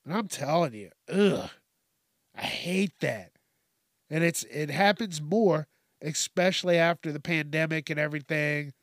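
A man's voice: a little high, a little slow, a bit bright, dry recording, clean studio sound. A man hosting a podcast, delivering a profane comedic rant and laughing at his own jokes. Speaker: podcast host.

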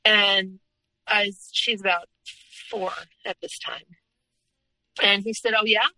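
A woman's voice: mid-range voice, steady tone, slow, sharp tone, poor audio. A young adult woman telling her own story as a podcast guest, earnest and recounting past events in the present tense. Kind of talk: personal story told in conversation.

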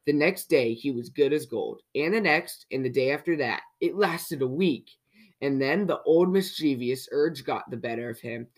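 Kids' podcast host reading a storybook out loud, lively, keeps asking the listener questions. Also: medium pitch, moderate pace. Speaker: children's story reader. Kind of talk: reading a picture book aloud to children.

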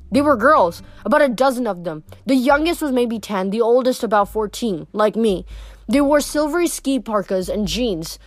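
Reading a novel aloud in a fairly high voice, a woman keeps a casual manner, occasionally stumbling and correcting herself. The recording is dry.

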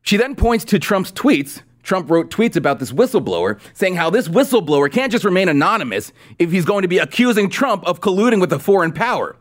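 Sarcastic man with a lively high voice. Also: fairly quick, few pauses. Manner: sarcastic, mocking. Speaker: host. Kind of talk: political commentary with a sponsor read.

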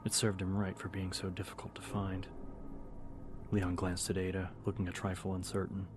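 A man narrating a horror story in a steady, even audiobook style. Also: deep voice, moderate pace. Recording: music bed under the narration.

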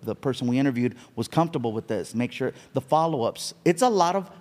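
Animated man telling stories in a reverberant room. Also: mid-range voice, fast. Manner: animated storyteller who acts out quoted lines. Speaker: podcast guest. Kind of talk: casual chat.

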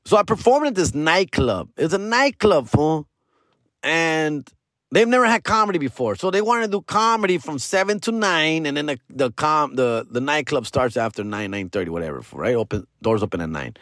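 A man from Los Angeles, a comedian, telling a story in a casual, profane, slangy way, dropping Spanish words and swinging his pitch and loudness. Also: expressive, normal speed, no room sound, studio quality. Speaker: stand-up comedian, podcast host.

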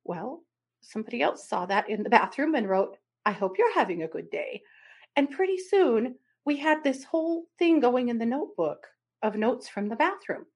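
A woman's voice: fairly high pitch, moderate pace, slightly rough. A woman co-hosting a podcast, telling a family story in casual chat and often laughing and acting out what people said. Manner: animated storyteller, laughs often, acts out quotes. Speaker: podcast co-host.

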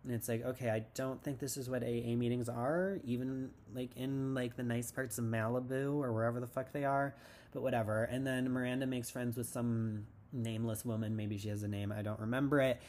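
A man's voice: mid-range voice, level tone, fairly quick, a little mellow, a little hiss or hum. A man hosting a casual TV recap podcast, rambling and sarcastic with lots of "like". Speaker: podcast host.

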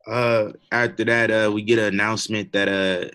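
A man's voice: lowish voice, little pitch movement, moderate pace, bright, forceful tone, clear, resonant tone. A young man co-hosting a podcast, chatting casually and rambling with lots of fillers and laughs. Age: young adult. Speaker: podcast co-host. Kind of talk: casual wrestling chat.

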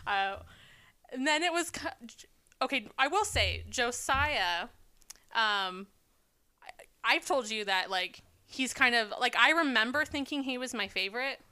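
Bright, clear-voiced chatty woman. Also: fairly high pitch, animated. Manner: chatty, filler-heavy, quick to laugh. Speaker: podcast co-host. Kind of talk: casual chat recapping a TV show.

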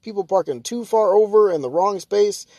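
A young man rants in a loose, casual way, piling on fillers and restarts. He keeps sliding into loud, mocking shouts before dropping back to a grumble. His voice sits a little high, and the recording is close and dry. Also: animated, normal speed, no room sound. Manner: ranting, exasperated, jumps to loud mock shouts. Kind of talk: casual rant to camera.

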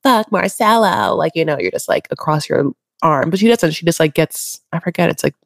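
A woman's voice: deep voice, fairly quick, creaky, no echo, clean studio sound. A woman co-hosting a podcast, recapping a reality show in an offhand, rambling, dismissive way. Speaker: podcast co-host. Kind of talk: casual recap chat.

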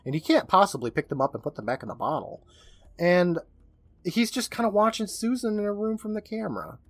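A man's voice: high voice, big pitch swings, fairly quick, no room sound. A man co-hosting a podcast, recapping a horror episode in casual chat and laughing often. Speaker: podcast co-host.

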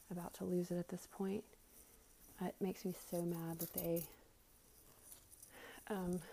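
A winded young woman chats to her viewers as she tidies her living room at home, rambling with fillers and sighs. Her voice is mellow and gravelly, with a little background hum. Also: fairly low pitch. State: out of breath. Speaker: vlogger. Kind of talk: casual chat while cleaning.

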